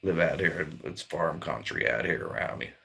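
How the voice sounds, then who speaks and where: A man's voice: extremely low pitch, expressive, moderate pace, creaky, pushed and bright. A middle-aged man from Maryland rambling in laid-back, profane casual chat as a livestream host. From Maryland, near Baltimore.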